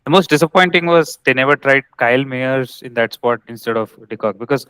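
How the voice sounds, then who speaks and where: A man's voice: medium pitch, a little fast, a bit bright, clear, resonant tone, dry recording, rough recording. A man co-hosting a cricket podcast, giving opinionated, blunt verdicts in casual chat.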